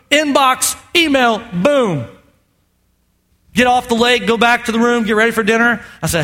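Male pastor, high bright tone, lively joking sermon delivery. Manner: animated, joking, calls for amens. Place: church auditorium with congregation.

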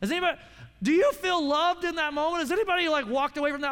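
A man's voice: very high voice, fast, a bit bright. A male pastor preaching a conversational sermon to a live audience, repeating words and putting questions to the room. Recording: long hall reverb.

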